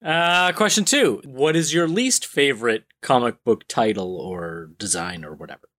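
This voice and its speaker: A man's voice: mid-range voice, normal speed. A man hosting a comic book podcast, leading the chat with jokes and questions. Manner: animated, joking, asks questions. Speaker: podcast host. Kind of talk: casual chat.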